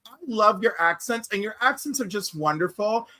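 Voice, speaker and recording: An American woman co-hosting a live comics show, chatting casually in an animated, laughing way and telling stories full of quoted voices. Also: mid-range voice, normal speed, no echo. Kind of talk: casual chat on a livestream.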